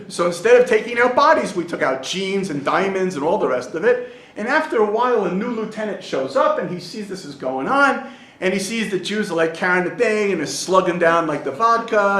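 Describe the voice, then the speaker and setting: The voice is a man's, high and reverberant, belonging to a rabbi giving a Torah class in a Jerusalem study hall. He keeps the group engaged as a spirited storyteller, joking and imitating voices.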